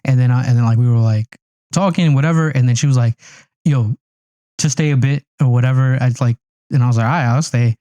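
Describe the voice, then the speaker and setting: A man's voice: mid-range voice, fast, mellow, no room sound. A man co-hosting a podcast, telling a rambling story full of "like" and "yo". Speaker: podcast co-host. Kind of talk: casual chat.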